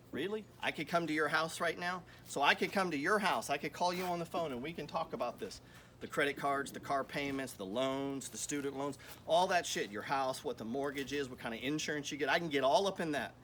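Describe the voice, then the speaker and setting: Male finance host, slightly high voice, profane and confrontational, rhetorical-question style, light background noise. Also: fairly bright tone. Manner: blunt, confrontational, swears often, asks rhetorical questions. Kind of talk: profane motivational rant to camera.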